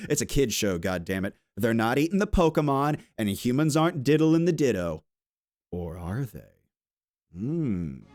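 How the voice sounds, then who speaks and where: Animated, foul-mouthed male game streamer. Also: mid-range voice, unhurried. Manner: loose, profane banter with chat, sudden loud outbursts. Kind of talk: casual live-stream chat while playing a game.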